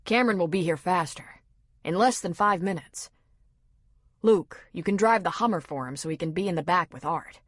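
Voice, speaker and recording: A woman voicing an older retired general who briskly takes charge and gives instructions. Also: sits high, a bit bright, no room sound, clean studio sound.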